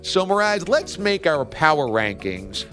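Animated male sports talk host. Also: fairly high pitch, takes it slowly, soft background music. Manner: animated, emphatic storytelling with mock quotes. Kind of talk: casual sports radio banter.

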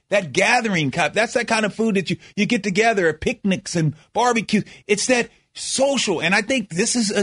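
Emphatic former player, high voice. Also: male voice, a bit bright, breathy edge, dry recording, studio quality. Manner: emphatic, repeats himself, restarts often. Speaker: former basketball player turned analyst. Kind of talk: animated sports talk banter.

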